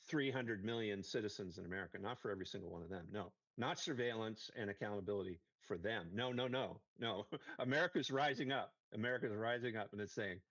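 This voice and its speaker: A man's voice: on the low side, brisk, a bit bright, no echo. Preachy rallying man, dull dry sound. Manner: preachy, rallying, repeats phrases. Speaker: podcast host. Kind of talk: conservative commentary chat.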